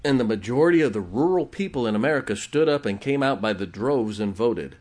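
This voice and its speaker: Folksy preacher with a lively voice. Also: male voice, mid-range voice, fairly quick. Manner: folksy, laughs often while preaching. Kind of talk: conversational sermon.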